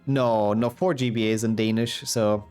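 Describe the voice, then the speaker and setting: A man's voice: on the low side, steady tone, normal speed, a little mellow, clean tone, faint music behind. A young man with a sick voice, casually commentating his speedrun and answering chat. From Germany. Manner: chatty, reads and answers chat while playing. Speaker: speedrunner streamer.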